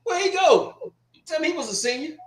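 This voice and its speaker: A man's voice: very high voice, expressive, brisk, reverberant, very noisy. A man co-hosting a casual sports chat, joking and laid-back, often restarting his sentences. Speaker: co-host.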